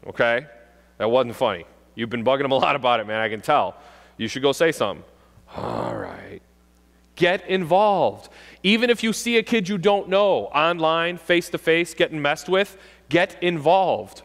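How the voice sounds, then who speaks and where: A police officer in his forties talks to schoolkids in a joking, animated way, acting out how kids tease each other. His voice sits a bit high for a man. The sound rings with the long echo of a big hall. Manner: jokey, animated, acts out kids' voices. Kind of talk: school assembly talk. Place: school gym or auditorium. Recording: long reverb of a large hall.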